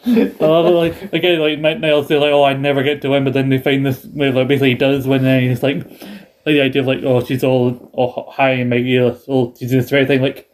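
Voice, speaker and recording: A man chats casually about a sitcom episode, retelling scene after scene. His voice sits at an ordinary middle pitch, and he bounces into raised, playful voices when he acts out the characters. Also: quick pace. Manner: animated, acts out lines in a raised voice.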